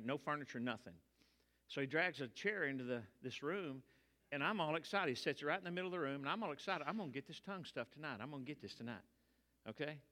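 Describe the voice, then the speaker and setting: Older preacher man, folksy sermon storytelling, bright forceful voice, big echoey church hall. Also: on the high side. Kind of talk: testimony sermon. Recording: long reverb of a large hall.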